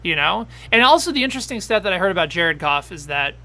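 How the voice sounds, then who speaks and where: Bright-voiced man hosting a fantasy football show. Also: high-pitched. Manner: excitable, quick back-and-forth, reading out viewer questions. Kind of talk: live fantasy sports talk show.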